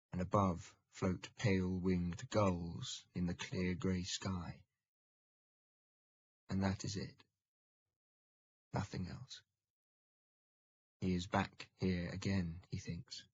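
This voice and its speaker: Deep, husky male audiobook narrator. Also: muffled recording.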